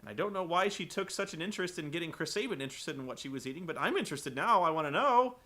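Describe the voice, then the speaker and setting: A man recapping a wrestling show for comedy, rambling and incredulous, swearing and acting out the quotes loudly. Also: fairly high pitch, lively intonation, quick pace.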